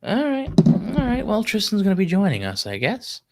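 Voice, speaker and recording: A man's voice: high voice, wildly swooping pitch, moderate pace, background noise. A man hosting a solo livestream, chatting casually in a rambling, profane way and getting sidetracked. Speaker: livestream host.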